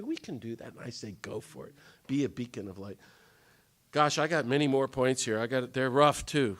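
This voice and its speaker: A man's voice: mid-range voice, normal speed, a bit bright. A man giving an impassioned talk to a live audience, often jumping into the voices of the people he quotes. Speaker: speaker on nonviolence. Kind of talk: animated lecture to a live audience. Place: conference hall.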